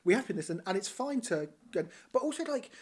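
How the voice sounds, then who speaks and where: A man's voice: high voice, sing-song, fairly quick. A man co-hosting a podcast, explaining things in a chatty, casual way with lots of "like". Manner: chatty, explaining with many "like" fillers. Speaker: podcast co-host.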